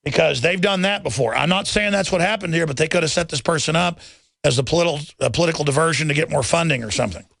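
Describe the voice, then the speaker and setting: A man's voice: on the high side, fast talker, vocal fry, a bit bright, no room sound, studio quality. A man hosting a talk radio show, ranting in a rambling, heated way with many restarts before taking calls. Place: radio studio.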